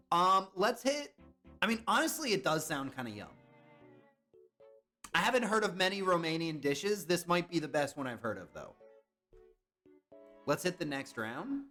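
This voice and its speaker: A man's voice: a little high, very animated, measured pace, pauses often, sharp tone, faint music behind. A young man chatting casually on a live stream, guessing along with his chat and reacting to their comments.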